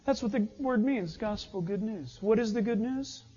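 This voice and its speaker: A man's voice: sits high, moderate pace, warm tone, husky. A man preaching a sermon with emphasis who acts out little everyday scenes. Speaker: pastor. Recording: dull sound in a reverberant hall.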